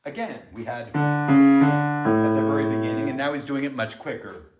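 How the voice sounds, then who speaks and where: A middle-aged man, a music director, giving a pre-concert talk and explaining the music in an unhurried, friendly lecturing way. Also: mid-range voice, fairly even intonation. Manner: explanatory, counts beats aloud and sings themes. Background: piano.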